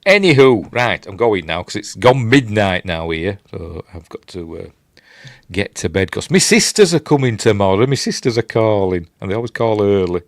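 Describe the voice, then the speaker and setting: A man's voice: on the low side, very animated, normal speed, no echo, clean studio sound. An older man with a Yorkshire accent hosting a casual live-stream chat, rambling and self-deprecating as he reads out viewer comments. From Yorkshire, England. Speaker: host. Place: at home late at night.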